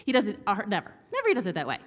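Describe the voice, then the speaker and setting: A woman preaching a sermon from a church stage, telling stories with lively swings between hushed whispers and bright exclaiming. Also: mid-range voice, racing, big-room sound.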